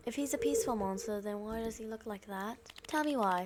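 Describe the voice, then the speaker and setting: Excitable New Zealand woman gamer. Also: fairly high pitch, a little fast, few pauses, very noisy. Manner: excitable, yelling reactions and chatty asides to game characters. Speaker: gaming streamer. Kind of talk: casual let's-play commentary. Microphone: desk microphone. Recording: loud game music over the voice. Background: loud game music.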